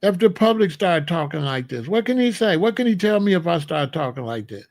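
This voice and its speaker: A man hosts a solo political commentary channel, talking emphatically and repeating incredulous rhetorical questions. His voice is a little high, brisk, with big pitch swings.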